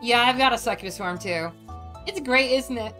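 A woman vtuber streaming a farming game, chatting casually in an animated, crude, joking way and often swearing. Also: fairly high pitch, normal speed, faint music behind. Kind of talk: casual gaming stream chat.

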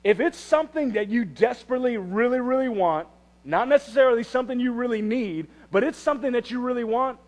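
Guy preaching a sermon, fairly high voice, chatty and repeats himself a lot, goes real quiet sometimes. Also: quick pace. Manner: conversational, repeats phrases and restarts, drops to a hush for quiet passages. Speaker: pastor.

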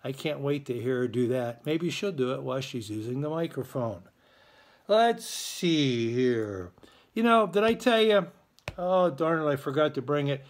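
A man's voice: mid-range voice, lively intonation, measured pace. A man hosting a school morning show, giving casual announcements in a chatty, joking way. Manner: chatty, playful, joking with listeners.

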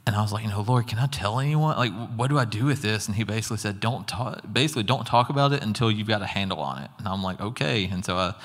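A man's voice: lowish voice, fast, hardly any pauses. Earnest man preaching in a reverberant hall. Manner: storytelling, earnest, acts out his own reactions. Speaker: guest preacher. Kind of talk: sermon testimony.

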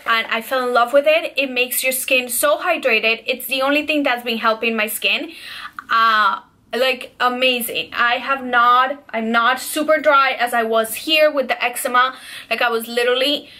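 Talking about what she bought, a young beauty and lifestyle vlogger sounds bright and forceful, her slightly high voice moving at a moderate pace with fairly even intonation. She's chatty, gushing and a bit out of breath, calling viewers "you guys."

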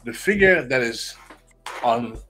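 A man appearing as a podcast guest over a video call, explaining at length in a measured, lecturing way. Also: medium pitch, lively intonation, bright, forceful tone, soft background music, poor audio. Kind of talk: explanatory discussion.

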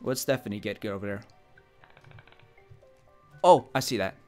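A man doing let's play commentary, goofy, excitable and self-deprecating. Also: lowish voice, moderate pace, faint music behind. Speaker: gaming YouTuber.

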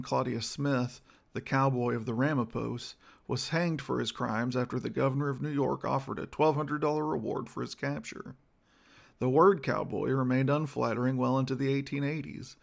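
A man delivering a scripted history lecture in a measured, rhetorical way, posing questions to his listeners. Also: mid-range voice, creaky. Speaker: speaker giving a history talk.

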